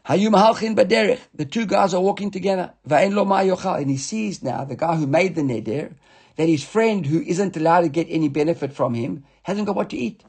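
A man's voice: high voice, fairly quick, darkish tone, husky. A man teaching an informal Talmud study class, reading passages aloud and explaining them in English with frequent restarts and self-corrections.

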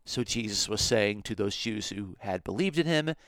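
A man's voice: lowish voice, animated, moderate pace, a bit bright, smooth, no echo, clean studio sound. A man teaching a podcast Bible lesson, explaining his points methodically and step by step.

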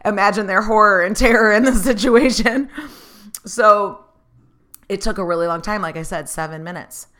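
A woman's voice: medium pitch, normal speed, sharp tone. A woman telling a personal story in an earnest, motivational way, laughing often and getting emotional. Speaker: speaker sharing stories.

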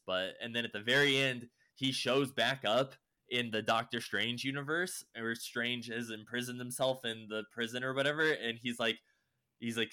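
A man's voice: medium pitch, fairly even intonation, moderate pace, pushed and bright, clean tone. A young man casually recapping a show, rambling with lots of fillers and swearing. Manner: rambling, heavy use of "like" and swearing.

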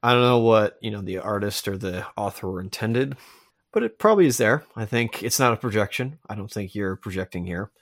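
Fairly quick and lowish, this man's voice comes through studio-quality with no room sound. On a casual podcast discussion, the co-host makes his case emphatically, wandering off track and breaking into his own sentences.

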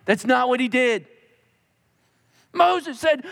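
Guy pastor preaching, high voice, lots of hall reverb, goes quiet and gentle then punchy. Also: expressive, slow pace, creaky, long pauses. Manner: emphatic preaching, drops to soft intimate tone when voicing God. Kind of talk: sermon.

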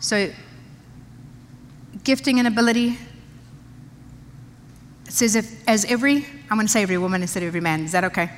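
A woman's voice: medium pitch, steady tone, brisk, pauses often, a little hiss or hum. An older woman preaching a conversational, emphatic sermon to women in a church. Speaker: pastor's wife preaching to women. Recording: long church-hall reverb.

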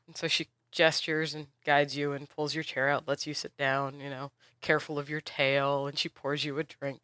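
A game master describes the scene in a casual, rambling way. The voice is bright and crisp, and the recording is dry and close-miked. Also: mid-range voice, dry recording. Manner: casual, descriptive narration with fillers. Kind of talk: narrating a tabletop game.

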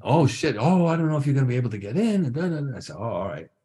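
A man's voice: mid-range voice, sing-song, rapid-fire, warm tone. An older man, a guest drummer, telling anecdotes in casual talk and acting out voices and drum sounds. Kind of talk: casual storytelling.

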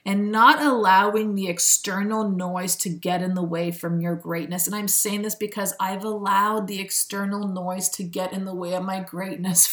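A woman delivers a motivational monologue as a spiritual self-help speaker, earnest and preachy, frequently breaking into laughter. Her voice is mid-range with a fairly bright tone.

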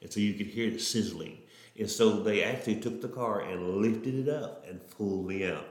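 A man's voice: lowish voice, moderate pace. Folksy preacher telling his testimony. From Oklahoma. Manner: folksy, earnest, repetitive starts. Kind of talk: testimony storytelling. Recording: roomy echo.

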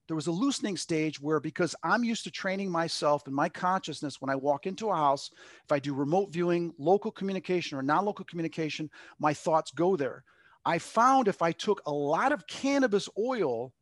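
A man's voice: a little high, dry recording, clean studio sound. A middle-aged man from Long Island, a medium and interview guest, telling a personal story in a rambling way and acting out quotes. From Long Island, New York. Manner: rambling, acts out quotes with lots of "like".

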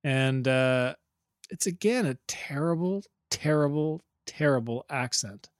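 A man's voice: medium pitch, expressive, unhurried, clear, resonant tone, dry recording, studio quality. A man co-hosting a podcast in casual chat, joking and rambling, laughing often. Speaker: podcast co-host.

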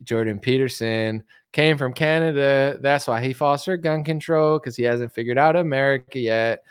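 A man's voice: mid-range voice, moderate pace, clear, resonant tone, dry recording. Rambling man mocking politicians, dry close sound. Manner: rambling, filler-heavy, mocking impressions of politicians. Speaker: commentary streamer. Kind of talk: casual political commentary rant.

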